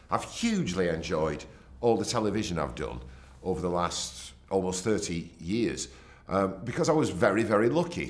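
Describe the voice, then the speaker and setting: A middle-aged man, a broadcaster telling anecdotes from his career in a lively raconteur's manner, acting out what other people said. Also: sits low. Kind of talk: anecdotal storytelling. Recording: roomy echo.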